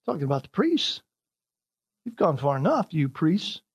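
A man preaching a sermon, reading scripture aloud and explaining it. He presses phrases with rising force, slows on key lines and drops to a hushed tone in prayer. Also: fairly high pitch, very animated, husky.

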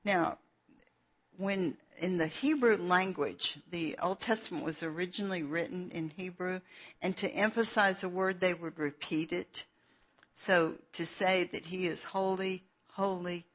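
Woman preacher, slow and earnest, husky voice, lo-fi dull recording. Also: on the low side, fairly bright tone. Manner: unhurried, explains verses with asides and fillers. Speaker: Bible teacher. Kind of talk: slow, earnest sermon with scripture reading.

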